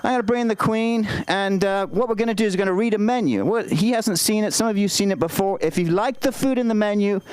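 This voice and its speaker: A man working an open-mic comedy crowd in a high voice. He rambles chattily through his bits and pokes fun at himself. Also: quick pace, few pauses, darkish tone, clear, resonant tone, no room sound, rough recording. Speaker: stand-up comic.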